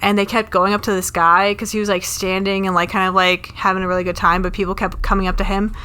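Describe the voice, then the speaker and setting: A woman chatting on a comedy podcast, telling loose, meandering stories. Her voice sounds bright and sharp, with a smooth, clear tone. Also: mid-range voice, level tone, fast. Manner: rambling storytelling, lots of "like", acts out quotes. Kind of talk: casual chat.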